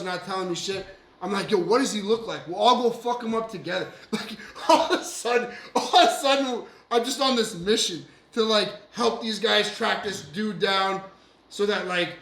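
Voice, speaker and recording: Excitable high-voiced man telling a story. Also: moderate pace. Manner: swearing, laughing, acting out quoted lines loudly. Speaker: podcast co-host. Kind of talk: animated storytelling among friends. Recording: roomy echo.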